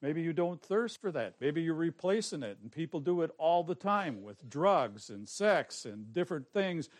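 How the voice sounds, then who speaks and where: A man preaching a sermon, telling his own testimony in an earnest way that swings from soft, hushed passages to forceful ones. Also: a little high, sing-song, moderate pace.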